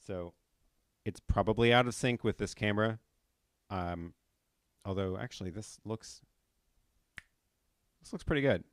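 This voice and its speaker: A man's voice: on the low side, measured pace, pauses often, no room sound. A man hosting a casual livestream, testing audio gear and thinking aloud with many fillers, close on a microphone. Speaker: livestream host. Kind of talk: casual live gear demo. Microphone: close dynamic microphone.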